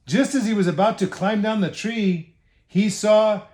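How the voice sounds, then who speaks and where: A man's voice: high voice, steady tone, measured pace, darkish tone. A man reading a picture book aloud to children, switching between languages and stopping to explain words. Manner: bilingual, explaining asides to children. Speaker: state official reading to children.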